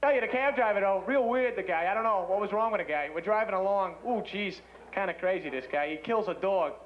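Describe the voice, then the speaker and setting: A young man doing a stand-up set in a comedy club, rambling and self-mocking in an excitable way. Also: sits high, a little fast. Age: young adult. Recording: muffled old TV tape, loud crowd. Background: loud audience laughter.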